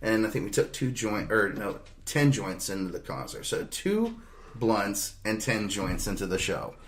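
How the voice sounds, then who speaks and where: A man's voice: fairly low pitch, sing-song, unhurried. A young adult man telling a long, rambling, profane road-trip story on a podcast, laughing as he goes. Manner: rambling, profane, laughs through his anecdotes. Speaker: podcast host. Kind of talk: casual storytelling.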